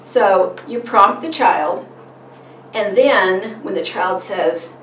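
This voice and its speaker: A woman's voice: medium pitch, takes it slowly. Woman teaching a workshop, heard from afar. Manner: demonstrates with lively sing-song questions, many fillers. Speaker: literacy trainer. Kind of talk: workshop presentation. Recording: roomy, distant mic with faint noise.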